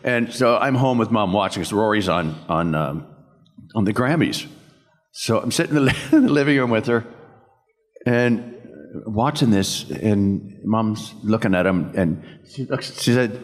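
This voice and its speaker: A man's voice: medium pitch, normal speed. An older man from Canada, a guest voice actor at a convention panel, telling rambling anecdotes and laughing through them. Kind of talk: storytelling at a panel Q&A. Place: convention hall. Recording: reverberant convention hall.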